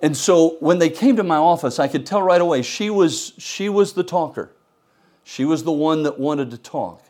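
A middle-aged male pastor preaching a storytelling sermon, animated, swinging between loud emphasis and quiet asides. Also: on the high side, normal speed.

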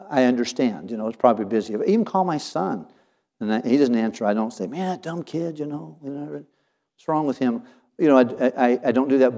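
A middle-aged man who works as a pastor, talking about his counseling work in a relaxed, folksy way. His voice is mellow and warm, at an ordinary pitch. He drifts into homespun sayings and often restarts his sentences. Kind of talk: casual talk about counseling.

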